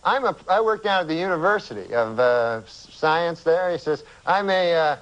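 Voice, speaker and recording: A man, a comedian guest, telling a long rambling anecdote in a deadpan, halting way with many uhs. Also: fairly high pitch, dull audio.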